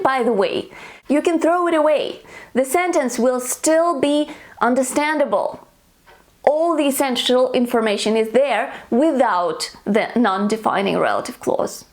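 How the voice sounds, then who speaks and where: A woman with a Russian accent gives an online English grammar lesson at an unhurried, careful pace. Her voice sits fairly high and she explains each point clearly. She lifts her intonation when she reads out example sentences. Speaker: English teacher.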